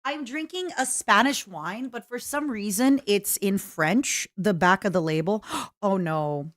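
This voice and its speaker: A young woman with a Canadian accent chatting casually with her stream viewers, jokey and full of quick asides. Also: medium pitch, fairly bright tone, no room sound, studio quality. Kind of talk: casual livestream chat.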